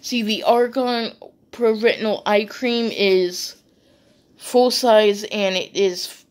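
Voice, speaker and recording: A woman chatting casually as she unboxes beauty products, rambling with fillers and restarts, still a little sleepy. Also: medium pitch. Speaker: beauty vlogger.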